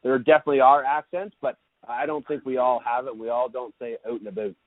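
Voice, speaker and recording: A man's voice: mid-range voice, flat delivery, fast talker, no room sound. Easygoing Canadian man over a tinny line. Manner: easygoing, repeats words while thinking. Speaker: guest, lacrosse broadcaster. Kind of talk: casual interview chat. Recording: tinny phone-like remote line, dry.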